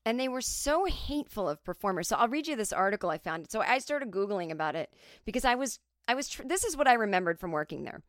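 A woman's voice: mid-range voice, fast, no echo. Woman, 40s, solo comic storyteller, chatty, close dry sound. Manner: chatty, animated impressions of others. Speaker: podcast host.

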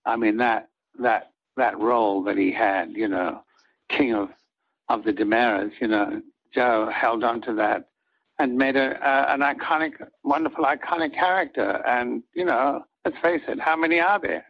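An older man, an actor guest in an interview, telling reflective stories in an earnest, halting way with many restarts. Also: mid-range voice, gravelly. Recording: dull lo-fi audio.

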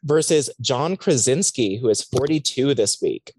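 A woman's voice: a bass voice, lively intonation, unhurried, darkish tone, slightly rough, no room sound. Playful woman hosting a pop-culture chat. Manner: playful, mock ring-announcer flourishes. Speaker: podcast host.

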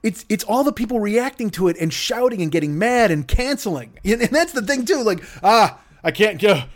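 Speaking briskly, a podcast host rants in a comedic monologue full of heavy swearing and mocking voices. His voice sits high and swings widely in pitch.

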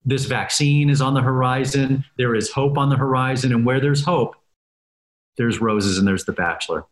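A man chatting as a guest in an interview, upbeat and quick to laugh. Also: medium pitch. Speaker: guest, reality dating show host. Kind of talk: casual interview chat. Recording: roomy echo.

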